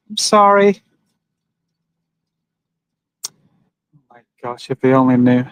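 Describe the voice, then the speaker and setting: A man's voice: medium pitch, animated, slow pace, long pauses, a bit bright, clear, resonant tone, dry recording, low-quality recording. A man livestreaming outdoors by a busy road, talking earnestly and emotionally to his viewers and reading their comments aloud. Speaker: livestreamer at an animal rights vigil. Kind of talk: live-streamed casual monologue. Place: outdoors by a roadside with passing trucks.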